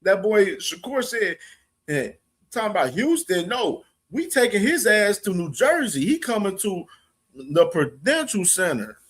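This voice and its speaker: A man's voice: sits high, big pitch swings, a little slow, breathy edge. A man hosting a casual boxing live stream, laughing often, slangy and profane, talking straight to his chat. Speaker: boxing show host.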